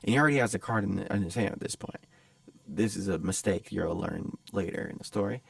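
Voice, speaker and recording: A man's voice: on the low side, fairly quick, gravelly, slightly rough, no room sound. A man hosting his own podcast, telling a story in a rambling, profane, casual way. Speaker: podcast host.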